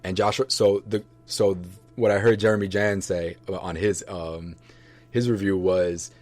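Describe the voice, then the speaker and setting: A man's voice: sits low, level tone, a little slow, a little mellow, soft background music. A man casually rambling through a movie review for his viewers, loose and enthusiastic, with many fillers and restarts. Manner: enthusiastic, affectionate toward viewers. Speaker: vlogger reviewing books and movies.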